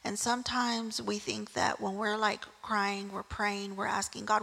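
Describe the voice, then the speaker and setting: A woman's voice: mid-range voice, level tone, a little slow, vocal fry, hardly any pauses, bright, forceful tone, slightly rough, in a large hall. A woman preaching a casual sermon, telling the story in a chatty way with frequent "right?" asides.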